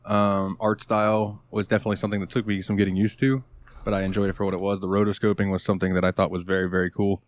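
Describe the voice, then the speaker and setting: A man co-hosting a casual gaming podcast, laid-back and hesitant, often clearing his throat. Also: on the low side, monotone, rapid-fire, dry recording. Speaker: podcast co-host.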